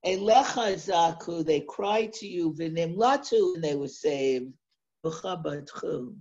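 A husky-voiced woman teaches a class on a sacred text, speaking slowly and with care. She reads each verse in the original and then explains it line by line. The recording is dull and lo-fi. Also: fairly low pitch, lively intonation, a little mellow. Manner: reads Hebrew verses then translates them, slow and deliberate. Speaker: Torah teacher. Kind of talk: text-study lesson.

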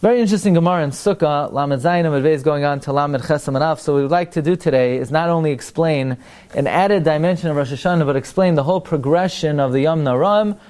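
Male Torah teacher, fairly high voice, animated, rhetorical questions. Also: quick pace. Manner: animated, rhetorical questions, rises in pitch when excited. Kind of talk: lively religious lecture.

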